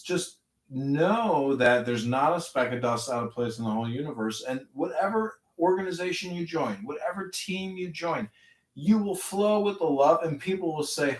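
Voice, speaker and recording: A man rambling in a preachy way through a spiritual chat, swinging between calm and fervent in an online audio room. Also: medium pitch, moderate pace. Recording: echoey, distant audio-room capture.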